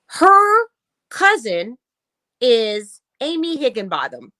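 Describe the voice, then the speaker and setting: A woman's voice: high-pitched, very animated, slow, bright, forceful tone, no room sound. A woman co-hosting a casual talk show, ranting bluntly and swearing as she reads posts aloud. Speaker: podcast co-host. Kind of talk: casual chat.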